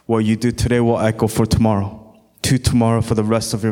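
A man preaching a sermon as pastor, slow and emphatic, climbing to loud, high exhortation and sometimes singing lines of scripture. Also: little pitch movement.

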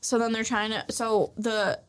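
A woman's voice: on the high side, flat delivery, a little slow, smooth. A young woman co-hosting a podcast, retelling an anime episode in a rambling, profane way and acting out the characters' lines. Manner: rambling, swears a lot, acts out characters' lines. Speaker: podcast co-host.

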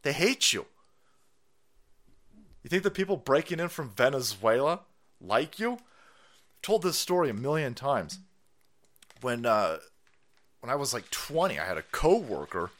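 A man hosting a livestream, ranting in a mocking, combative way that swings from loud outbursts to low muttering, and reading viewer chat aloud. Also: very animated, measured pace, pauses often. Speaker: livestream host. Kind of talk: ranting political commentary livestream.

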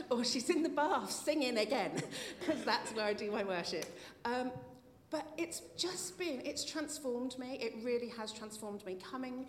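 Her voice on the high side and expressive, a middle-aged woman speaks at a moderate pace while giving a heartfelt testimony at church. Tears come close at times, softened by gentle laughs. Sound echoes in the hall over faint noise.

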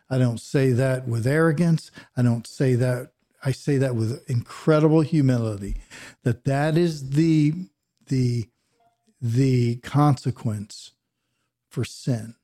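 A man, a pastor and podcast co-host, teaching a Bible passage verse by verse in an earnest preaching manner that drops to a hush on solemn points. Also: medium pitch, unhurried.

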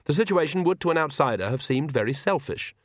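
A man's voice: a little high, expressive, quick pace, no room sound, studio quality. Man reading a comic fantasy audiobook. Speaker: audiobook narrator. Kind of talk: scripted narration.

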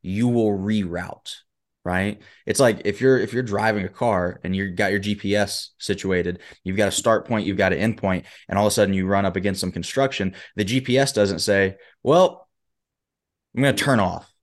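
A man who is a motivational speaker, guesting on a talk show, telling a story in an animated way and acting out its characters. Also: fairly low pitch, normal speed.

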